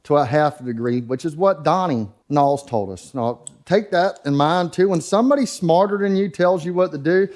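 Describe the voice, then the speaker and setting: Brief: male vlogger, rambling jokey shop talk, slightly high voice. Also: moderate pace, few pauses, a little mellow. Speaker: kart racer and channel host. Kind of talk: casual joking shop vlog. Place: workshop.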